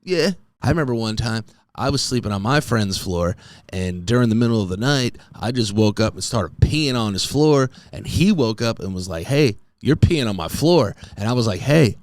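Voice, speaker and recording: A man's voice: fairly low pitch, lively intonation, moderate pace, dry recording. A man in his thirties hosting a comedy podcast, rambling goofily and tossing in "dude" often. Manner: goofy, rambling, says "dude" a lot. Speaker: podcast host. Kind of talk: comedic solo podcast monologue.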